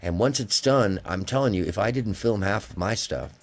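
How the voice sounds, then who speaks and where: A man with a fairly low voice speaks at normal speed while hosting a casual live call-in stream. He tells rambling, emphatic stories, and his pace tends to drift.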